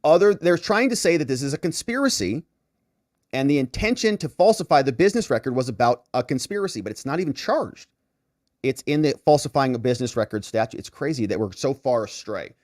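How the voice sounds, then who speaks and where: A man's voice: mid-range voice, lively intonation, a little fast, no room sound, studio quality. A man hosting a legal commentary stream, sarcastic and mocking, acting out quotes from the people he discusses. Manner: sarcastic, mocking, acts out quotes in shifting voices. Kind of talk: livestream commentary.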